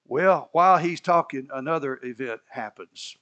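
A man's voice: on the high side, moderate pace, fairly bright tone. A man preaching a sermon, telling the story with energy, acting out the characters' lines and laughing at his own asides. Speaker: pastor.

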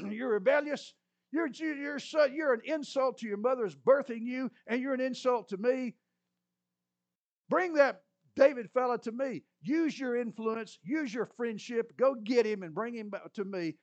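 A man's voice: very high-pitched, wildly swooping pitch, moderate pace, long pauses, lo-fi sound, voice pushed up, exaggerated voice. A man voicing a furious older male king who hurls insults and threats, stammering in his rage. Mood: raging.

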